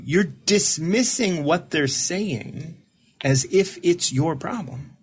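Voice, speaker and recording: Male recovery mentor, husky, conversational, reflective, stumbles and repeats as he explains. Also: a little high, lively intonation, slow. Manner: repeats and restarts words while explaining. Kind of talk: casual reflective talk with a caller.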